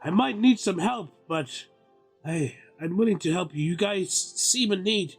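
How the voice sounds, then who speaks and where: A man's voice: sits high, animated, measured pace, vocal fry, breathy edge, faint music behind, pitched below the performer's own voice, exaggerated voice. A man voicing a fretful, kindly middle-aged orchard owner who fusses over his guests and is easily scandalized.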